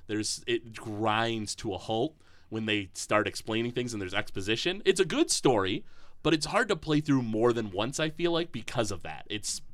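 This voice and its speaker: A man's voice: medium pitch, animated, moderate pace. A man co-hosting a casual podcast, talking enthusiastically and rambling with lots of fillers. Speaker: podcast co-host.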